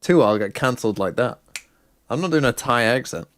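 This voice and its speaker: Lively-voiced man co-streaming esports. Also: medium pitch, brisk. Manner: blunt, joking, swears freely. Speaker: watch-party co-streamer. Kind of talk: casual esports watch-party commentary.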